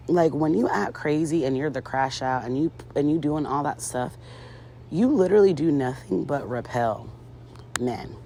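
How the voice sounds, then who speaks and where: A woman's voice: sits low, dark tone, slight background noise. Sassy chatty woman vlogger. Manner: sassy, chatty, full of fillers; addresses viewers as girl and ladies. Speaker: reality show recap vlogger. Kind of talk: casual commentary.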